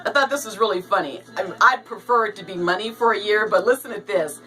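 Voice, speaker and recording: A woman giving casual, animated commentary on news stories, with jokey asides. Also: mid-range voice, quick pace, hardly any pauses, far from the mic, rough recording. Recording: voice a bit off-mic, with light music behind.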